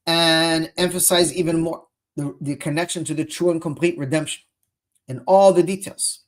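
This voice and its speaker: A man's voice: on the high side, fairly even intonation, moderate pace. A man teaching Chassidus in English with Hebrew and Yiddish phrases mixed in, speaking with impassioned indignation. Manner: impassioned, rising to near-shouting indignation. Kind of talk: Torah lecture.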